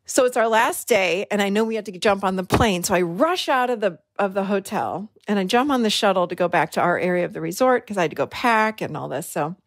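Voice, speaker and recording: A woman hosting a podcast, telling a personal story in an animated way and acting out the voices she quotes. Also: mid-range voice, fairly quick, few pauses, dry recording, clean studio sound. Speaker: podcast host. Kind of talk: storytelling monologue.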